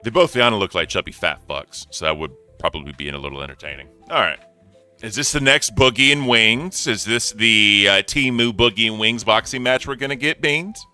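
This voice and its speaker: A man's voice: lowish voice, brisk, pushed and bright, clean tone, faint music behind. A man hosting a casual commentary stream, reacting loosely and swearing as he talks. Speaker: stream host.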